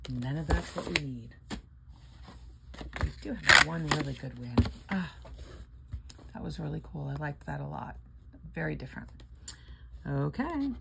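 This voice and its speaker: An older woman from Florida chats casually while scratching lottery tickets, reading out the numbers in a low, creaky voice over a noisy background. She's playful but sleepy, yawning as she goes.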